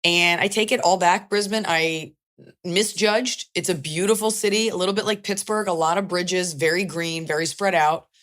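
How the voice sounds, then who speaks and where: A woman's voice: on the low side, fairly even intonation, normal speed, a bit bright. A woman comedian hosting a podcast, telling stories in a chatty, wry and profane casual manner. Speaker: podcast host and stand-up comedian.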